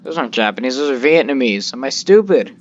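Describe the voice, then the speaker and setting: A man's voice: mid-range voice, very animated, fast, muffled recording, a little hiss or hum. A man giving casual gameplay commentary, rambling with lots of fillers and mild cursing into a desk microphone. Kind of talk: casual let's-play commentary.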